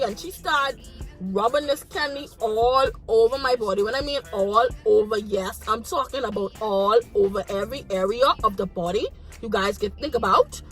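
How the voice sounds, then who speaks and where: A woman's voice: fairly high pitch, fairly bright tone. A young woman from the Bahamas with a Bahamian accent, frankly telling a casual storytime and acting out her own reactions. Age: young adult. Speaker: vlogger.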